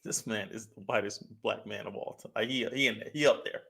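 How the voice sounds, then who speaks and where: A man's voice: fairly low pitch, brisk, gravelly, a bit bright. Male streamer from California, easygoing chat delivery, frequent laughs, reads comments aloud. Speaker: livestream host. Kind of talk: casual livestream chat.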